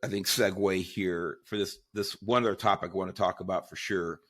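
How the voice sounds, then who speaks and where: Male host, very low voice, sarcastic and opinionated, casual rambling talk. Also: steady tone, a little fast, a bit bright. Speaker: podcast host.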